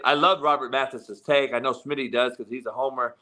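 A man hosts a sports talk show in a loose, chatty way, steering the talk with leading questions. His voice has a bright, forceful tone and sits at an ordinary middle pitch. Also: steady tone, brisk.

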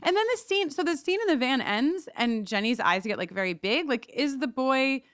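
A woman co-hosting a podcast in a casual, animated recap chat. Her voice is smooth and a touch high, and she swears offhandedly. The sound is close and dry, with no room around it. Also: moderate pace, dry recording. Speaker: podcast co-host.

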